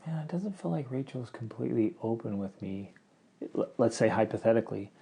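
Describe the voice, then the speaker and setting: Co-hosting a podcast in relaxed conversation, this middle-aged man speaks animatedly and performs the lines he's quoting. His voice is medium-pitched, brisk and gravelly, with a breathy edge.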